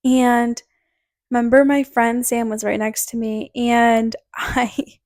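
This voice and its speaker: A woman's voice: fairly high pitch, level tone, slow pace, darkish tone, no echo, studio quality. Chatty young woman telling a story. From Connecticut, USA. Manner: chatty, frequent "like" fillers, laughing through the story. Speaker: podcast host. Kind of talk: casual storytelling.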